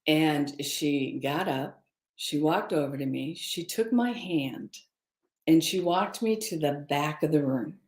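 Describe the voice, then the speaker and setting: A woman's voice: low-pitched, slow pace, a little mellow, roomy sound. A middle-aged woman candidly telling a personal story as a webinar guest, with hesitant fillers. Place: room, recorded for a webinar.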